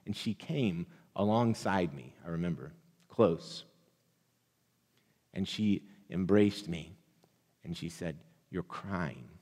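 A man's voice: low voice, slow pace, long pauses. Impassioned male pastor in a reverberant hall. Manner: builds to impassioned, loud repeated blessings. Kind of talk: sermon.

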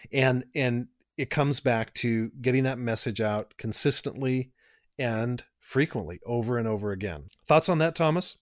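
A man co-hosting a casual podcast, explaining ideas in an energetic, teacherly way and building long lists of examples. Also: mid-range voice, normal speed, dry recording, clean studio sound. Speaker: podcast co-host.

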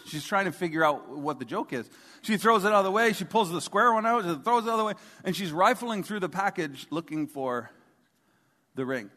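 A man, a pastor, delivering a sermon to his congregation in a relaxed, conversational way, often asking the room rhetorical questions. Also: a little high. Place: large church hall before a congregation. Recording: long reverb of a large hall.

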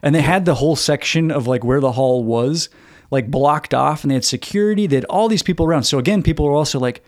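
Casting: man, slightly higher voice, chatty podcast co-host, lively rambling storyteller. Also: quick pace, no echo, clean studio sound. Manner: animated storyteller, lots of "like" fillers. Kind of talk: casual chat.

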